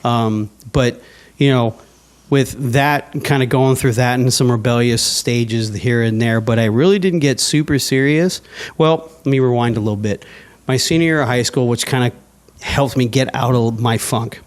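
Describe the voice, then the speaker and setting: A man's voice: mid-range voice, normal speed. Guy in his twenties telling his story on a podcast, chatty, does little voices for himself. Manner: animated storyteller, acts out his own past thoughts in quoted asides. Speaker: guest sharing his testimony. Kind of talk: casual conversational interview.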